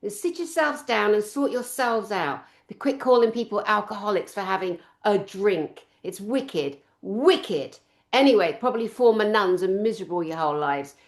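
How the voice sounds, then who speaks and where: A woman's voice: mid-range voice, moderate pace, few pauses, echoey room. A woman hosting a casual chat, outspoken and blunt with her opinions. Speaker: podcast host.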